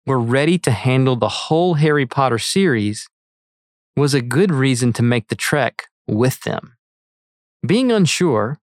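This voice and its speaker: A man's voice: mid-range voice, dry recording. Earnest middle-aged man, dry close voice. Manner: earnest, measured reading. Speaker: author reading his article. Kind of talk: read-aloud essay narration.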